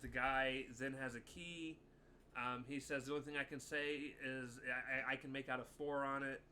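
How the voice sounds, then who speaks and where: Bright-voiced man recapping an episode. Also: medium pitch, normal speed, slight background noise. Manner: plot-summarizing, steady, many ums. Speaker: podcast co-host.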